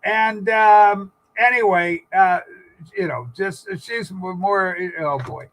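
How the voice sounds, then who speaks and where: A man with a high, bright voice hosts a political livestream chat. He rambles through stories and opinions, stopping often for fillers and restarts. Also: slow pace, low-quality recording.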